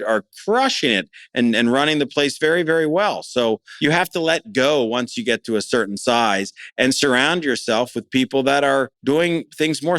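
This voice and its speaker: In a conversational interview, a middle-aged business owner talks with enthusiasm and plain language, frequently doubling words as he begins phrases. He has a fairly bright, mid-range voice. There's no echo.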